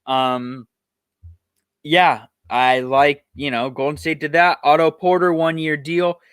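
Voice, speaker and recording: Casting note: young male podcast host, slightly high voice, dry close mic, heated profane ranting. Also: flat delivery, slow pace, fairly bright tone, clean tone, no room sound. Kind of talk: solo sports podcast rant and roundup.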